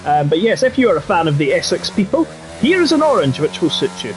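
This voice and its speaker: A man's voice: high-pitched, big pitch swings, fast, soft background music. A man with a Yorkshire accent commentating a racing game live, chatty and jokey. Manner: chatty and jokey, drifting into banter. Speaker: league race commentator.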